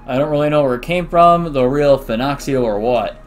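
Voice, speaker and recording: A young man hosting a let's play, reading game dialogue aloud with chatty, excitable reactions. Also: mid-range voice, brisk.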